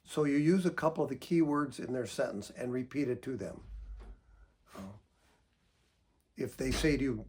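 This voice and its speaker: A man counselor calmly giving advice, patient and gentle, explaining through examples. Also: medium pitch, normal speed, long pauses, slightly rough. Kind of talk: calm instructional talk.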